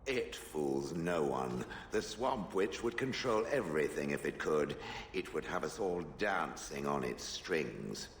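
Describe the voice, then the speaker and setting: An actor playing a haughty, suspicious stone golem with a deep gravelly voice, speaking stiffly in a video game. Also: male voice, very animated, a little slow, a little hiss or hum, full character voice. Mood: suspicious, disdainful. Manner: stiff, formal, speaks of others as "it". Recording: game audio with booming hall reverb.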